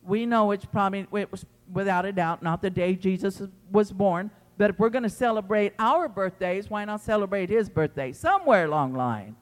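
A pastor preaching a sermon to his congregation in an impassioned, emphatic way, swinging between loud pleading and quiet teaching. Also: high voice, lively intonation, fairly quick, few pauses, big-room sound. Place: church sanctuary.

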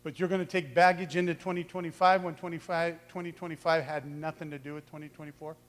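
A man preaching a lively sermon, acting out quoted voices and shouting for emphasis. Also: fairly high pitch, quick pace, long reverb tail. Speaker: pastor.

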